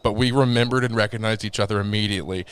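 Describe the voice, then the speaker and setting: A man's voice: lowish voice, steady tone, very fast, smooth. Rambling, foul-mouthed male comedian. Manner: rambling storyteller, heavy swearing, restarts. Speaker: comedian and podcast regular. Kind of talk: casual podcast chat.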